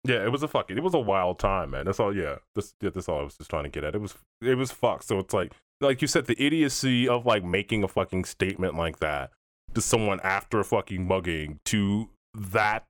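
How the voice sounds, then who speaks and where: A lower-pitched man with a bright, forward edge to his voice talks loosely and profanely as a podcast guest. The sound is dry and close. He rambles through his story with plenty of "like" and "you know". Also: no room sound. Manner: profane, laid-back storytelling. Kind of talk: casual podcast chat. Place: in Australia now.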